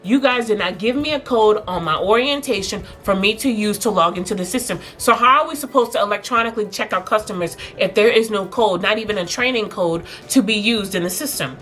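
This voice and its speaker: A young woman vlogger telling a personal workplace story in a casual, animated way, laughing at times, with faint music behind her. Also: mid-range voice, fairly quick, few pauses.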